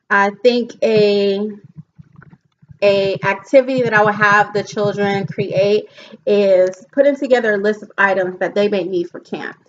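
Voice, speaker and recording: A young woman, an education student, giving an earnest, halting book report presentation and mixing reading with comments. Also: medium pitch. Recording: dull lo-fi home recording with faint noise.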